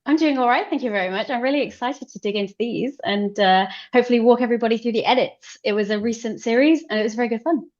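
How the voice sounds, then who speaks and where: A woman's voice: on the high side, fast talker, few pauses. British woman, giggly, on dull call audio. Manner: self-deprecating, giggly, relaxed. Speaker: photographer guest. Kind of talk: casual interview chat.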